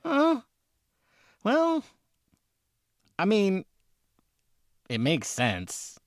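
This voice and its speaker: Animated man bantering on a dry mic. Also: high voice, extremely slow, no room sound. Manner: exasperated, rambling banter. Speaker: podcast co-host. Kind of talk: comedic podcast chat.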